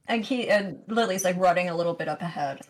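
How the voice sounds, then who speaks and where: A man co-hosting a casual podcast chat, telling a story in a measured, wry way. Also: high-pitched, poor audio. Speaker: podcast co-host.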